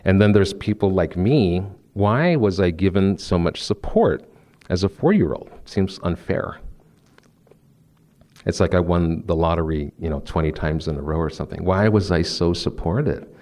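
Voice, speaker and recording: A man's voice: low-pitched, expressive, moderate pace, a little mellow. A man from New Jersey giving a live spiritual talk from a podium, telling personal stories in a conversational way with frequent restarts. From New Jersey, USA. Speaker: spiritual speaker. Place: lecture room with podium.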